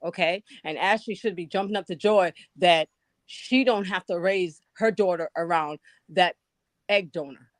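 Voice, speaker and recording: A woman ranting on a live stream, loud, blunt and profane, swinging from a low grumble to shrieks. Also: unhurried, dry recording. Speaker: guest caller on a live stream. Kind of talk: heated live-stream rant.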